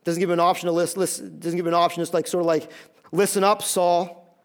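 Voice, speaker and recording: A man's voice: a little high, completely flat delivery, racing, clean tone. A man preaching a sermon as pastor, emphatic, often repeating a word as he starts a phrase.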